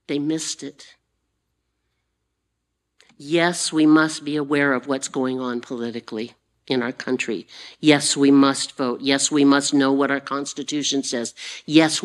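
A woman with a low voice preaches a sermon at a slow, deliberate pace. She repeats herself and leans on fillers as she works through her point. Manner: unhurried, repetitive preaching with fillers.

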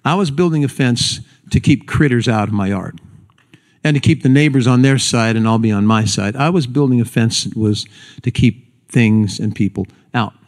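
A man preaching a sermon to a congregation. He tells a folksy story, then slows and drops low and quiet for the solemn points. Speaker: pastor.

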